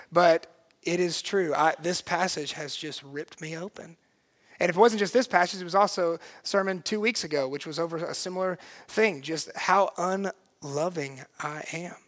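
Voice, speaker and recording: A high-voiced man preaches as a pastor, earnest and emphatic throughout. Some lines are hushed and quiet, while others are loud and forceful.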